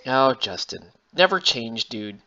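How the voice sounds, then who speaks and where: A man's voice: mid-range voice, big pitch swings, slow, sharp tone, muffled recording, a little hiss or hum. A man hosting a miniature painting channel, chatting casually and sarcastically while he paints. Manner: rambling, self-amused, sarcastic.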